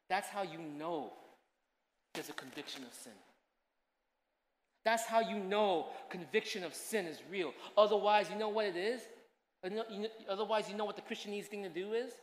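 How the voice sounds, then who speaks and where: A man in his thirties preaches with a high, ringing voice. He shifts between loud, urgent appeals and quiet, conversational asides. The sound carries a long reverb from a large hall. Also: animated, moderate pace. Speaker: pastor. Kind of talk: sermon. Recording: echoey hall.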